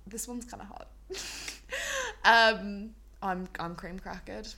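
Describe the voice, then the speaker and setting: A young woman, chatting casually and quizzing a friend on slang, often breaking into high laughter. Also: slow pace, sharp tone. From Scotland. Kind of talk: casual chat.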